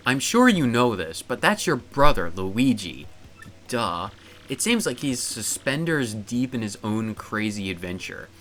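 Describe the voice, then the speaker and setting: A man's voice: medium pitch, very animated, measured pace, fairly bright tone. A man voicing a cheerful, nosy young female goomba student, reading game dialogue aloud on a stream. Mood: chatty.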